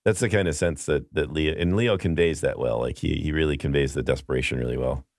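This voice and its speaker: A man co-hosting a film podcast, offering quick, thoughtful, hedging remarks in casual chat. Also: extremely low pitch, darkish tone, no room sound, studio quality. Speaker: podcast co-host.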